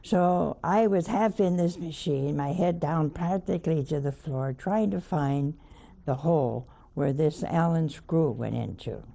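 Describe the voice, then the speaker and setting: A woman's voice: deep voice, measured pace, creaky, warm tone. An older woman, a nun, preaching a sermon by telling a homely story with wry asides.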